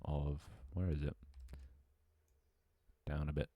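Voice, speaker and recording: A man with a very low, deep voice talks through a gameplay livestream, rambling, swearing offhandedly and answering his chat. The sound is close and dry, with no room around it. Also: level tone, slow, no room sound, phone-quality sound. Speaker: streamer. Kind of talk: casual gameplay livestream commentary.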